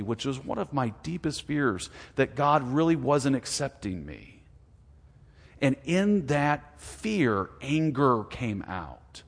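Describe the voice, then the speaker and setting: A man in his forties preaching a sermon as a pastor, earnest and acting out little dialogues with God. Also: medium pitch. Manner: earnest, acts out dialogue with God in lively voices. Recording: long hall reverb.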